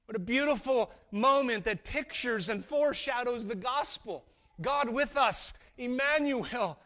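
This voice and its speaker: Male pastor, sermon delivery, high bright tone, stop-start emphasis. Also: expressive, a little slow. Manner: emphatic preaching with frequent restarts.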